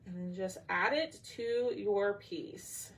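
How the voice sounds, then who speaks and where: A woman's voice: mid-range voice, takes it slowly, a bit bright, slight background noise. A woman hosting a casual craft tutorial livestream, chatting with her viewers and her pets while she works.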